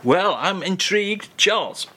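A radio presenter delivers playful, mock-grand patter. His pace is unhurried. His tone is bright and forceful. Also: high voice, lively intonation, slight background noise.

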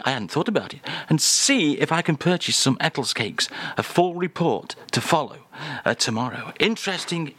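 A man's voice: a little high, fairly bright tone. A man hosting a comic radio chat in a jokey, mock-formal manner. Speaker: radio host.

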